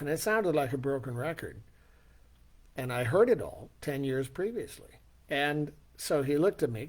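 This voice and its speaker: A man's voice: fairly high pitch, darkish tone. An older man giving a motivational talk, telling a personal story in an earnest, reflective way and asking rhetorical questions. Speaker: speaker.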